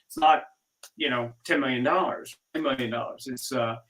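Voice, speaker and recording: A middle-aged man guesting on a video call, easygoing and chatty, acting out bits of old conversations as he recounts them. His voice comes across from a bit back from the mic, with a mid-range pitch. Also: fairly even intonation, normal speed, a bit bright, far from the mic, low-quality recording. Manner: easygoing storyteller, acts out dialogue. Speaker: actor guest. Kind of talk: casual interview chat.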